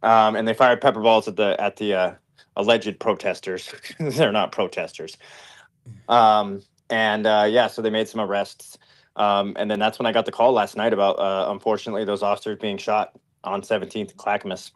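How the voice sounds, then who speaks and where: A man's voice: lowish voice, fairly even intonation, normal speed. A man reporting as a guest in a rambling, casual way, with many fillers.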